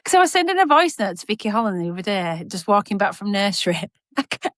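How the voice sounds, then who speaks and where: A woman's voice: mid-range voice, big pitch swings, quick pace, a bit bright, no room sound, studio quality. A woman, co-hosting a podcast in a chatty, rambling, self-mocking way and laughing easily. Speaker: podcast co-host. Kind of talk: casual chat.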